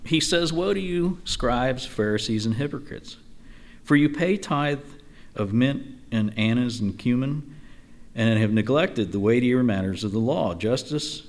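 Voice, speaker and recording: A man teaching an informal Bible study, reading verses aloud and explaining them in a relaxed, conversational way with frequent asides. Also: mid-range voice, a little slow. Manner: conversational, lively, with frequent "you know" asides.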